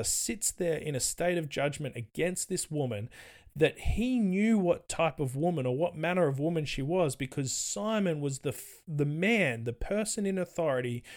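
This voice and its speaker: Man preaching a vivid storytelling sermon. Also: on the high side. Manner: storytelling, rising to emphatic emphasis.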